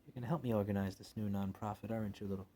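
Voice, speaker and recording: A man's voice: fairly low pitch, fairly even intonation, rapid-fire, warm tone, a little hiss or hum. A man filming casually at home, chatting and cooing baby talk at his cat. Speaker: channel host. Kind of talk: casual home video chat.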